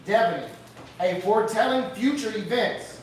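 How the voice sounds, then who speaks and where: Man reading definitions, high lively voice, very echoey and distant. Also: normal speed. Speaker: study group member. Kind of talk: reading dictionary entries aloud. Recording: echoey room, far from mic, faint noise.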